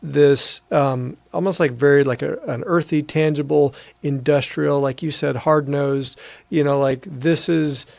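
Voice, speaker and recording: A man's voice: fairly high pitch, fairly even intonation, measured pace, vocal fry, a little mellow, no room sound. A man hosting a podcast interview, talking in a loose, rambling way with many fillers. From American Midwest. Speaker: podcast host. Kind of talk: casual conversational interview.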